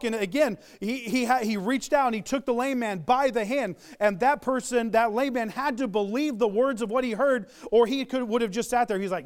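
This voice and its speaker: A man's voice: extremely high pitch, normal speed, few pauses, clear, resonant tone. A man preaching a sermon, retelling a story with earnest, building emphasis.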